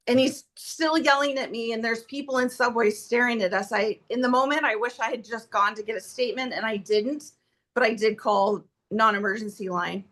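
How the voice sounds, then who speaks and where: A woman testifying as petitioner at a court hearing, recounting events in an agitated, rushed way. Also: on the high side, a bit bright.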